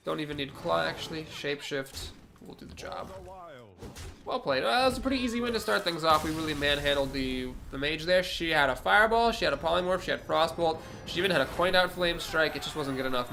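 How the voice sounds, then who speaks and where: A man's voice: on the high side, gravelly, bright, forceful tone, slight background noise. A man with a cold, sounding nasal, talking through his card game moves aloud as a streamer. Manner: analytical, talks through each move aloud. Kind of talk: casual gameplay commentary.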